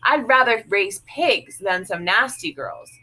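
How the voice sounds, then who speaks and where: A woman voicing a stern mother who scolds her daughters slowly and firmly. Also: mid-range voice, expressive, bright, forceful tone, low-quality recording. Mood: angry. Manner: scolding, slow and firm. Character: stern, sharp-tongued mother.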